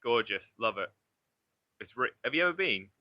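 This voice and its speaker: A man's voice: medium pitch, expressive, normal speed, no echo. A young man from southeast England in his twenties, a guest chatting casually, swearing freely and laughing often. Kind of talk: casual online chat. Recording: dull lo-fi audio.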